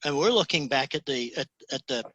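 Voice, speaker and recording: A man's voice: medium pitch, animated, a little fast, pushed and bright, no echo, highs cut off. A man telling stories as an interview guest, rambling with many restarts and often asking "okay?". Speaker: guest, fly tier. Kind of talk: casual interview chat.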